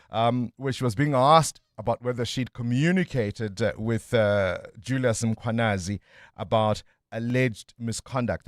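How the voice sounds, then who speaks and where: A man's voice: medium pitch, no room sound, clean studio sound. A man hosting breakfast talk radio, commenting on the news in a conversational way with frequent fillers. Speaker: radio talk show host. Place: radio studio. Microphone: studio microphone.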